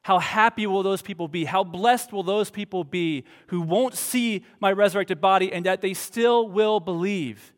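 A man in his thirties preaching a sermon, telling stories expressively and moving between animated bursts and hushed, soft passages. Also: sits high, moderate pace, few pauses. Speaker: pastor. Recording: long hall reverb.

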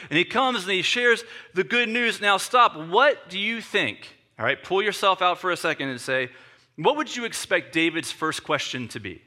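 A man's voice: sits high, animated, normal speed, bright, forceful tone. A man preaching a sermon, telling the story with animation and acting out the scene. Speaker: pastor.

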